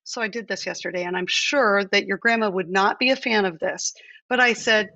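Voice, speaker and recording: Co-hosting a home live stream, an American woman in her forties chats in a casual, emotional way, telling stories with quoted asides. Her medium-pitched voice is fairly quick, pushed and bright, recorded lo-fi with no echo.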